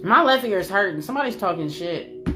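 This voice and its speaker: A woman giving a spiritual reading in an emphatic, repetitive way, swinging between loud and soft. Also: medium pitch, expressive, quick pace. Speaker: spiritual reader. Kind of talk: spiritual channeling monologue. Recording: music playing behind.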